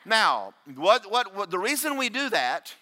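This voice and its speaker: Loud, lively preacher man. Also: unhurried. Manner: loud, booming preacher with self-deprecating humor. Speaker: pastor. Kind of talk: sermon. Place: church.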